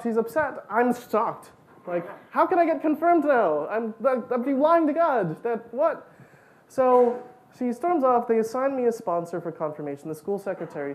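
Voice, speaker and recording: Animated woman telling a story. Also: lowish voice, low-quality recording. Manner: animated, self-mocking storytelling with frequent "like" and laughter. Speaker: speaker at a student event. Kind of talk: storytelling talk.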